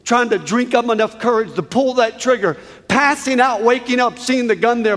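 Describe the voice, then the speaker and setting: Middle-aged male preacher, high voice, fervent sermon delivery with repetition, echoing hall. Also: a bit bright. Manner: impassioned, with dramatic pauses and repetition. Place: church hall with an audience. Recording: reverberant hall.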